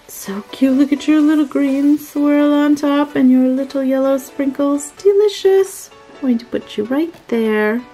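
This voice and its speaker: A woman's voice: high-pitched, steady tone, unhurried, mellow, faint music behind, poor audio. A woman narrating a toy unboxing in a sweet, gushing, sing-song way.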